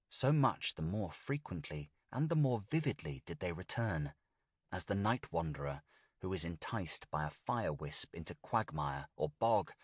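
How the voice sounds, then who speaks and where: A man narrating a gothic tale as an audiobook reading, in a steady, deliberate storytelling manner. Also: low-pitched, breathy edge, dry recording, clean studio sound.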